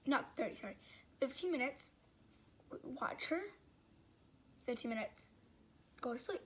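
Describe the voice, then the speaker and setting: A woman's voice: high-pitched, lively intonation, a little slow, slight background noise. A woman vlogger telling a casual story, rambling and filling it with "like" and "um". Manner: rambling, filler-heavy storytelling with frequent "like".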